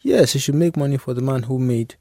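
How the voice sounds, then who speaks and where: A man co-hosting a podcast in casual chat, explaining points at length in a measured way. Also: mid-range voice, warm tone, no echo. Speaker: podcast co-host.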